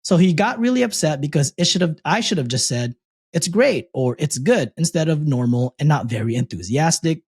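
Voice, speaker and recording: A man co-hosting a casual podcast, reading a post aloud in a steady, measured way and chatting between reads. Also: fairly high pitch, slightly rough. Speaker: podcast co-host reading a story.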